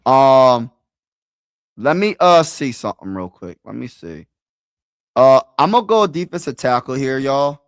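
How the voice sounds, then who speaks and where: Guy streaming to his chat, aave slang, keeps repeating himself, mid pitch, dry close sound. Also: animated, a little slow, smooth, dry recording. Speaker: sports streamer. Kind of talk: live-stream mock draft chat.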